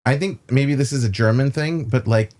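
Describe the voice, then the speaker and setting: A man hosting a podcast who tells an anecdote in an animated, casual way. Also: mid-range voice, moderate pace. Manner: animated anecdote-telling, acts out quotes.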